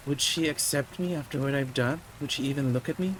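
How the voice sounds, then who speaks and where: A man's voice: fairly high pitch, slight background noise, low-quality recording. A man voicing a distraught sixteen-year-old boy who shot someone, reading his lines aloud in a pleading, breaking tone. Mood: hopeless. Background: game music and rain.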